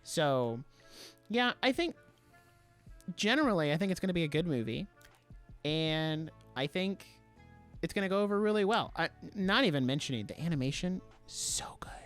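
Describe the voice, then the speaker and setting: A young man co-hosting a podcast, talking casually and defending his opinions with animated emphasis. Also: fairly high pitch, moderate pace, pauses often, smooth, faint music behind. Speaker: podcast co-host.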